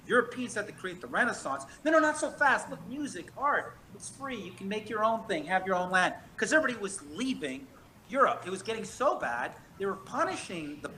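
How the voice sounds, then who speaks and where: Brief: male talker, high-ish bright voice, profane and emphatic, rambling monologue. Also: slight background noise, low-quality recording. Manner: profane, emphatic, fast storytelling. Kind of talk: casual chat, rambling monologue.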